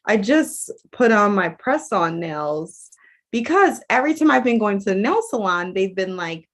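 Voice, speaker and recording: A woman's voice: mid-range voice, very animated, normal speed. A woman coach talking casually to viewers in a rambling, chatty way, full of fillers and restarts. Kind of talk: casual livestream talk.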